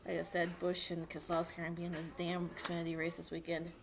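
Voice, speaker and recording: A young woman chats excitedly to her camera from home. She rambles with plenty of fillers, and her fairly low voice is gravelly. A faint background hum sits behind her. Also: fast talker. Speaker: vlogger and racing fan. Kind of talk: casual chat to camera. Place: at home with a dog.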